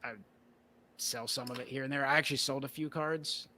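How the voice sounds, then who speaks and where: A male card-collector guest in a casual conversation, relaxed and rambling with plenty of "you know" fillers. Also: mid-range voice, fairly quick.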